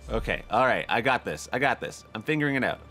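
Lively, swearing let's-play man. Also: medium pitch, fast, soft background music. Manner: frustrated, swears a lot, talks to himself; jumps from muttering to loud outbursts. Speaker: gaming channel host.

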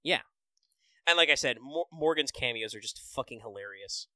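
A man's voice: mid-range voice, expressive, moderate pace, sharp tone, no room sound, poor audio. A man hosting a casual podcast, enthusiastically breaking down game details with many fillers. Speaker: podcast host. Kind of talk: casual podcast chat about a mobile game.

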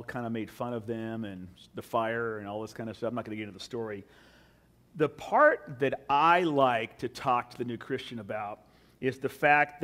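A man preaching a sermon in a relaxed, conversational manner, with a middle-pitched voice. He often restarts his sentences and drifts into asides, as if talking with friends. This is a pastor teaching in church.

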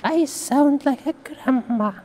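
A man putting on a squeaky, grandma-like high voice as a joke while playing a horror game. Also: takes it slowly, warm tone, slight background noise. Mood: mock surprise. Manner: joking, swearing. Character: squeaky old grandma-like voice, mock-startled.

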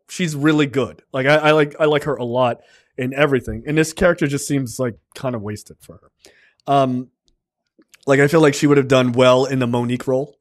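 A man's voice: fairly high pitch, no room sound, clean studio sound. A man co-hosting a casual movie review podcast, recapping scenes in a rambling, profane way with many filler ums. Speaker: podcast co-host.

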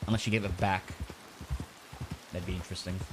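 A man's voice: sits low, steady tone, brisk, background noise. A man streaming a game, chatting casually, swearing often and laughing a lot. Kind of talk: casual gaming stream chat.

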